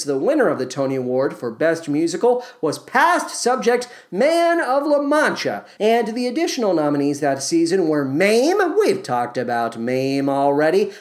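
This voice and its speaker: A man hosting a solo musical-theater review podcast, wry and opinionated. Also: high voice. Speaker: podcast host.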